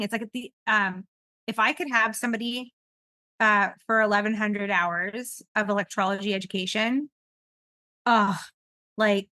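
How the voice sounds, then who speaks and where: Chatty woman podcast host, bright, dry sound. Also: fairly high pitch, dry recording. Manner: rambling and animated, with frequent laughter. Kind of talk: casual conversational podcast chat.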